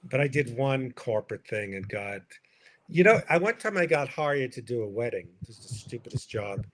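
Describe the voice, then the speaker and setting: This older man is a comedian and stream co-host, very animated in a mid-range voice at normal speed. He spins a meandering, self-mocking tale on a livestream call, full of restarts. It's casual storytelling picked up by a video call mic, with noisy audio.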